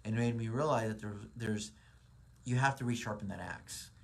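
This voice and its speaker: A man's voice: on the low side, moderate pace. A man in his forties, a real estate broker, giving a casual motivational talk with lots of ums and restarts. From Southern California. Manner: rambling, many ums and restarts.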